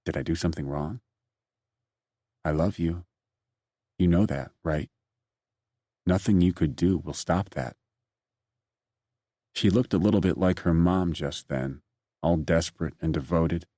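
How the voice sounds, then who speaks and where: A man giving brooding first-person audiobook narration in a low, quiet delivery. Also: dry recording, studio quality.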